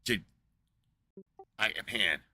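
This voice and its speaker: A man's voice: extremely slow, bright, forceful tone, slight background noise. A man in a casual, rambling monologue, swearing a lot, incredulous and full of fillers. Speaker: podcast host. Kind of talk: casual profane rant.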